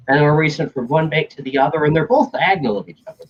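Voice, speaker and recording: In dull, lo-fi stream audio, a young host tells a story in casual chat, barely pausing as he talks fast in a higher-pitched voice. He acts out other people's lines and swears freely throughout.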